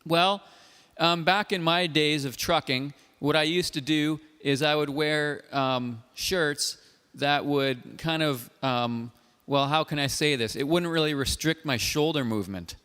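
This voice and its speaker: A man hosting a call-in show, speaking in a calm, earnest and measured way. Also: fairly high pitch, smooth. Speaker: host. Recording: long reverb.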